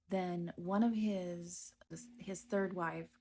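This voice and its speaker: A woman giving a personal testimony about her past, speaking slowly and hesitantly with frequent pauses and restarts. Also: lowish voice, fairly even intonation, vocal fry, slight background noise. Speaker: storyteller recounting her past.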